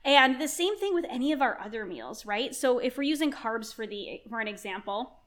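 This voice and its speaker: Woman chef in her 30s rambling on excitedly in a podcast chat, a bit high-pitched. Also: brisk. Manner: rambling, enthusiastic, asks herself questions. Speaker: chef and culinary nutrition guest. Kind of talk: conversational podcast interview.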